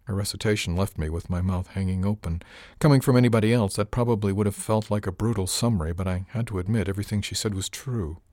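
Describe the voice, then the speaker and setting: Deep-voiced male audiobook narrator. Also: quick pace, hardly any pauses, darkish tone, dry recording, clean studio sound. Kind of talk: first-person audiobook narration.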